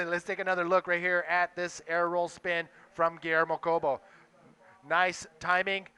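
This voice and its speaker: A young man calling a live sports event, excitable and quick to react to the action. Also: high voice, smooth. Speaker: play-by-play commentator.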